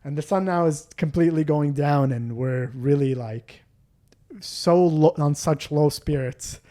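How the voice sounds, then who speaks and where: A young man co-hosts a casual podcast chat, his voice sitting a little high. He tells stories with energy, slipping into the voices of the people in them and swearing now and then. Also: unhurried. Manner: animated, acts out quotes, swears. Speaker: podcast co-host.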